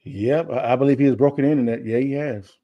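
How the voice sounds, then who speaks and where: A man co-hosting a live stream, talking casually and telling stories in a relaxed, animated way. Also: medium pitch, quick pace, no echo, highs cut off. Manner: relaxed storyteller, animated when retelling. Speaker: co-host.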